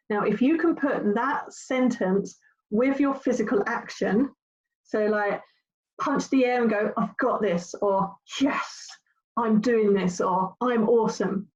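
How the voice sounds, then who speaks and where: A middle-aged woman coaching viewers on anxiety in a chatty, animated talk. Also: fairly high pitch. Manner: chatty, animated, acts out voices. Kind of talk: talk to camera with slides. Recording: dull lo-fi sound.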